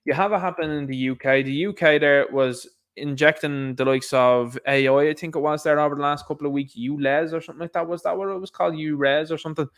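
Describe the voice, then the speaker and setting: A man's voice: fairly high pitch, steady tone, quick pace, few pauses, fairly bright tone. A man with an Irish accent hosting a casual commentary show, sarcastic and rambling with many asides.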